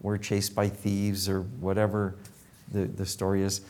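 A man's voice: low voice, a little slow. An older man, a dentist, telling casual anecdotes about his patients and acting out what people said. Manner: animated anecdotes with acted quotes. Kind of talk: casual storytelling.

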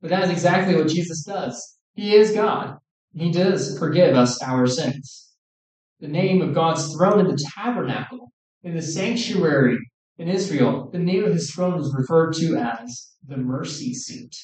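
A man preaching a sermon in an earnest, measured way, quoting scripture. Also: on the high side, a little mellow. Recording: echoey room, distant mic.

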